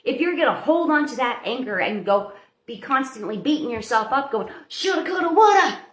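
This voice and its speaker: A chatty, motherly woman talks straight to her viewers on a casual live stream. Her voice sits a little high. The sound echoes around a home kitchen. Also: lively intonation, fairly quick. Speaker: host of a live baking stream. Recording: roomy echo.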